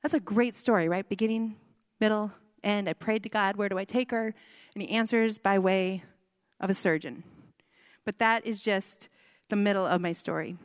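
A woman's voice: medium pitch, normal speed, no echo, long reverb tail. A woman in her thirties telling a personal family story, with self-deprecating humor and quoted dialogue. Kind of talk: personal testimony talk.

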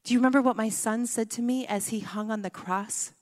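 A woman voicing God as a gentle, comforting spirit, speaking softly and sinking to a hush. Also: fairly high pitch, steady tone, fairly quick, natural voice. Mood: tender. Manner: soft and intimate, sinking to a hush.

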